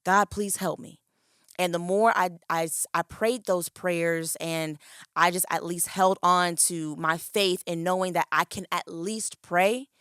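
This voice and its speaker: Low-voiced woman co-hosting, earnest and confiding. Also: fairly even intonation, a little slow, a bit bright, clean tone, dry recording, studio quality. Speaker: co-host. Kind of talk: candid faith talk.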